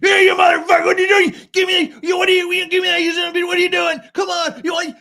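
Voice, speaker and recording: A man voicing an enraged male driver who jumps out and hurls insults, yelling high and out of control. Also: completely flat delivery, racing, gravelly, full character voice. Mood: screaming angry. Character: enraged male road-rage aggressor shouting insults.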